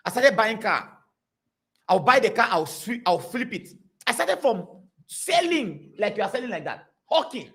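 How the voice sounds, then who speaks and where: A man preaching to a congregation, telling stories in an animated, repetitive way. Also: high-pitched, normal speed. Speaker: pastor.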